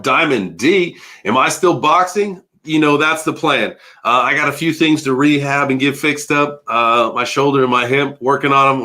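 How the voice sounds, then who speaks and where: An American man in his early forties hosts a casual crypto livestream, chatting with viewers and swearing freely. His mid-range voice is rambling and animated.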